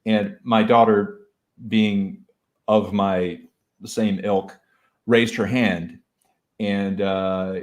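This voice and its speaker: A man hosting a casual interview, relaxed and telling stories with trailing hesitations. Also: fairly low pitch, drawn-out words, long pauses. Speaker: host.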